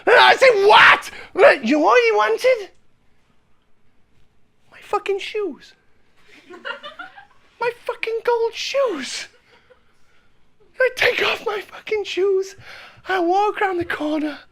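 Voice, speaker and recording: A man playing a gravelly, foul-mouthed dancer. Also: very high-pitched, expressive, a little slow, pauses often, pitched above the performer's own voice, heavily acted. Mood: aggrieved. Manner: swearing, swings into shouted outbursts. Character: brash, foul-mouthed male American dancer, volatile. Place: live comedy venue.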